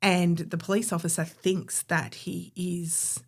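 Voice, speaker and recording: A woman recounts a local history story to her co-host in a relaxed, conversational way. Her voice sits low and has a gravelly fry running through it. She sounds opinionated and chatty. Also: slow. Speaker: podcast co-host. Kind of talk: casual storytelling chat.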